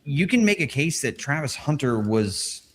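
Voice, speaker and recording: A man co-hosts a fantasy football podcast, breaking down receivers and stats with animated enthusiasm. His pitch is middle but swings widely, rising and falling as he talks and jokes. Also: normal speed. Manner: animated analyst, jokes and laughs. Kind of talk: casual podcast chat.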